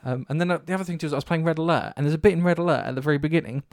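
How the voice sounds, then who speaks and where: In a slightly high voice, a man races through a casual chat about games, rambling and cursing often while telling animated stories. The sound is studio-clean with no room sound.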